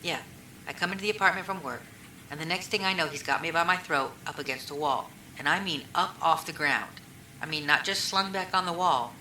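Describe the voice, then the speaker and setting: A woman with a low, bright-edged voice rambles through her answers, stacking up "I mean" and "you know" as she retells who said what. She sounds like an old recording made in an echoey room with a faint hiss behind her. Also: fairly quick. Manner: rambling, retells conversations, many fillers. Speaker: witness being questioned. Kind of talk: recorded police interview.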